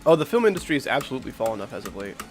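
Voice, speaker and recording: A man in his thirties rambles casually to his stream chat while he plays, his talk loose and full of filler words. Faint music sits low in the background. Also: very animated, racing. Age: 30s. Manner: rambling, many "like" fillers, reacts to chat mid-play. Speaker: streamer playing requested game levels. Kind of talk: casual livestream chat answering viewers.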